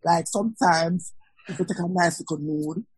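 Husky woman, lively storyteller. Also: lowish voice, normal speed, dry recording, low-quality recording. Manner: animated storyteller, patois-tinged. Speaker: law student, co-host. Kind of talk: casual podcast chat.

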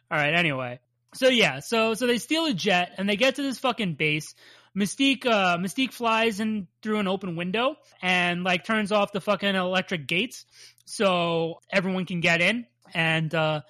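Her voice mid-range and the recording dry, this woman co-hosts a podcast, chatting casually through a recap of a cartoon episode. She curses constantly and laughs in an animated way.

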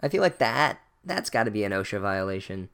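A man's voice: lowish voice, big pitch swings, fairly quick, a bit bright, clear, resonant tone. A man giving a sarcastic, exasperated and profane comedic book recap. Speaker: book reviewer.

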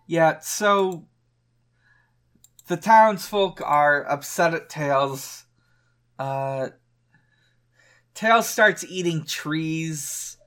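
Guy cohost going over a cartoon plot real slow, lots of uhs, bright tense voice. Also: on the high side. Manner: recapping slowly with many fillers. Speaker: podcast co-host. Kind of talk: casual chat.

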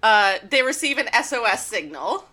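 Giggly bright-voiced woman recapping a show. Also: on the high side, sing-song. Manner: giggly, halting, many restarts. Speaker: podcast co-host. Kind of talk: casual chat.

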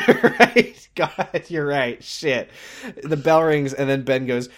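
A man's voice: medium pitch, slow, a bit bright. Male podcast co-host, loose rambling recap voice, swears freely. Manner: profane, laughing, rambling. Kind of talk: casual recap chat.

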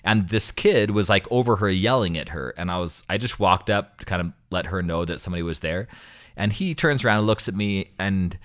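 A deep-voiced man in his thirties chats casually about his experiences as a priest. He rambles a little, restarting sentences and repeating words as he goes. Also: fairly quick, a bit bright. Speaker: priest co-host. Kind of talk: casual storytelling chat.

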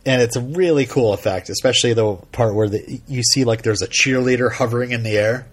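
A man talking casually as a podcast co-host, recapping a show in a loose, meandering way. His voice is a little husky and breathy, at a middle pitch, and he keeps stopping to restart his sentences with ums and uhs. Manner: rambling, halting, with frequent fillers and laughs. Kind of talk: casual episode recap chat.

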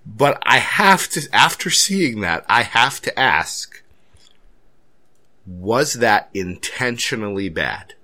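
A tired man co-hosting a podcast, musing in a measured way with frequent restarts. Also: mid-range voice, lively intonation, bright, forceful tone. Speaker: podcast co-host. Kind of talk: casual chat.

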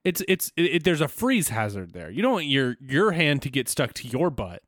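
A man's voice: medium pitch, big pitch swings, normal speed, a bit bright, no echo, clean studio sound. A man co-hosting a podcast in casual chat, playful and riffing on jokes as he goes. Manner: playful, riffs and trails off into jokes. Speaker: podcast co-host. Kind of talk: casual episode recap chat.

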